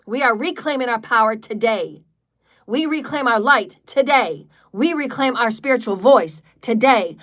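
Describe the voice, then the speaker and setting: A woman with a somewhat high voice leads a livestreamed healing meditation. She speaks in defiant, declarative bursts and repeats chant-like lines, swearing freely along the way. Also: animated, moderate pace, a bit bright. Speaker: spiritual meditation leader.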